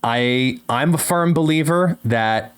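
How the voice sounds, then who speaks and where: A man co-hosting a podcast in casual chat, earnest and halting with frequent restarts. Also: medium pitch, clear, resonant tone. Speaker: podcast co-host.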